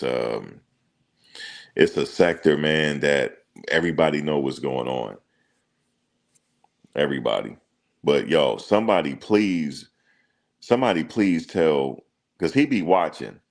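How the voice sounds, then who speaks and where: Very deep gravelly-voiced man chatting. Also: measured pace, long pauses. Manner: relaxed slangy banter, thinks aloud with ums. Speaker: reaction streamer. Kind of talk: casual chat reading viewer comments.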